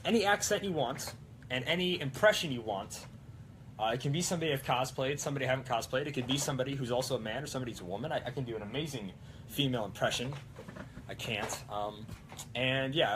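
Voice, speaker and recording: A man's voice: mid-range voice, noisy background. A man cosplayer chatting casually on a live stream, rambling and correcting himself with little jokes. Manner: rambling, self-correcting and jokey.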